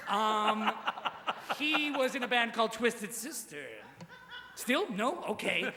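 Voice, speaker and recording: A young man with a very high, bright voice delivers a crude, self-deprecating roast from a stage mic in a large hall. His voice carries a long reverb tail, with faint ambience behind it. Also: animated, slow, a little hiss or hum. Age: young adult. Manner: crude, self-deprecating jokes with rising shouted punchlines. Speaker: roast speaker. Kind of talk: stand-up roast set. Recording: live hall recording with reverb.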